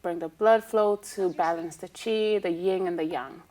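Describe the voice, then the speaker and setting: A woman who is a licensed acupuncturist, a guest on a TV talk show, calmly explaining her practice. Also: on the low side, normal speed, a little hiss or hum. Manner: calm, explanatory, with frequent "um" and "you know". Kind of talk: explaining in an interview.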